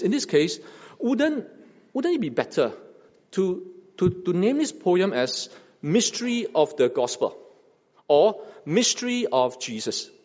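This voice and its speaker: A man's voice: a little high, darkish tone, long reverb tail, highs cut off. A man preaching a sermon, asking rhetorical questions and repeating phrases for emphasis. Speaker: pastor.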